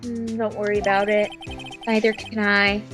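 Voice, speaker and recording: A woman's voice: mid-range voice, flat delivery, normal speed, over music. A woman co-hosting a let's play, answering with dry, short quips in casual chat. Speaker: co-host.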